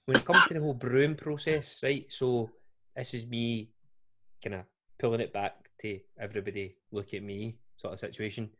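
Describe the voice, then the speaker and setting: A man's voice: mid-range voice, fairly even intonation, moderate pace, pushed and bright. A man with a Scottish accent hosting a podcast, telling long rambling anecdotes in casual chat and laughing often. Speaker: podcast host.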